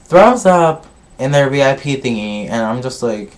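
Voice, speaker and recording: A vlogger recaps a reality show episode casually, gossiping, swearing a lot and jumping ahead with "blah, blah, blah." His medium-pitched voice is animated and moves at normal speed.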